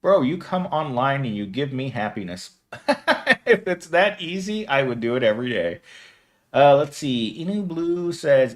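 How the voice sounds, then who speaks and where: A man's voice: medium pitch, animated, unhurried. A man in his thirties hosting a casual live stream at home, rambling and giggling as he answers viewer comments. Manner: rambling and giggly, talking to chat. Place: at home, streaming without camera.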